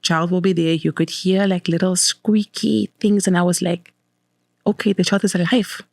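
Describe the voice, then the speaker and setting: A woman's voice: lowish voice, little pitch movement, moderate pace, gravelly, darkish tone, dry recording, studio quality. A woman in her thirties, a guest telling her personal story with emotion and repeating words for emphasis.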